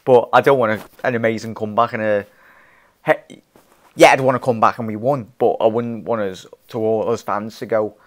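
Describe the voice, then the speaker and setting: Steady in tone and speaking at a normal speed, this young man has a lowish voice. He hosts a fan channel's casual live stream, reading comments, laughing often, restarting a lot, and calling viewers fella and mate.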